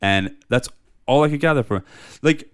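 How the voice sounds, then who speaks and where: A man's voice: mid-range voice, normal speed, smooth. A man co-hosting a podcast in casual chat, ranting and swearing as he talks. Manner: ranting, profane, animated. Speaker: podcast co-host.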